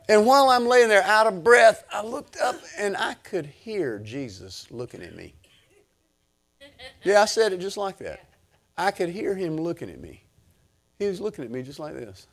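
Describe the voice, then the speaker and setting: Older preacher guy, highish voice, goes quiet then loud, storytelling sermon. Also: normal speed. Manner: animated, swings from low murmurs to loud excited bursts. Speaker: pastor.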